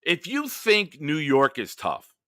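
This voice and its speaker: A man's voice: on the high side, wildly swooping pitch, takes it slowly, pushed and bright, no room sound, clean studio sound. A man hosting a live-stream sports chat, ranting profanely and heatedly, then chatting with viewers. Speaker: host.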